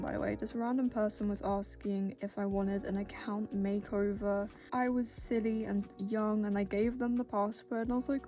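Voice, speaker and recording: A young British woman whose accent keeps drifting toward American, talking in a mellow, rather dark voice. She rambles and pokes fun at herself, late-night tired, over faint background music. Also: medium pitch, steady tone, moderate pace, hardly any pauses. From Britain. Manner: rambling, self-deprecating, full of "like" fillers. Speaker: art vlogger. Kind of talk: casual chatty voice-over while drawing. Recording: soft music bed behind.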